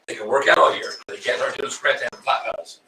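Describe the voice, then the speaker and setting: Laid-back male co-host, mid-pitched bright voice, recorded from a distance in a roomy space. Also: a little fast, gravelly. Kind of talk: casual chat. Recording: roomy and distant with faint noise.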